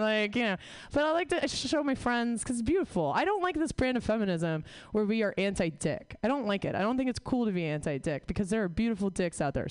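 Woman stand-up, 30s, swears freely and mocks herself, smooth clear voice, dry mic. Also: mid-range voice, no echo. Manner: profane, self-deprecating, rambling. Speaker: stand-up comic. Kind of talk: stand-up set, casual riffing.

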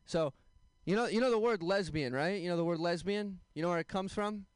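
Young male stand-up comic, deadpan delivery, smooth slightly higher voice, dry close sound. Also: no room sound. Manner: deadpan one-liners with quick asides to the crowd. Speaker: stand-up comedian. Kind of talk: stand-up set at an open mic.

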